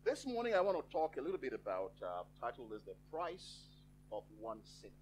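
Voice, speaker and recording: A man preaching a sermon in a church, with slow, emphatic phrasing and dramatic pauses. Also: mid-range voice, huge pitch swings, slight background noise, poor audio.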